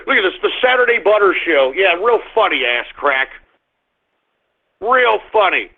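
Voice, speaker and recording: A man's voice: high-pitched, big pitch swings, moderate pace. A man hosting a live radio show, griping and blustering at his listeners. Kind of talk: live call-in radio rant. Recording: tinny phone-like sound.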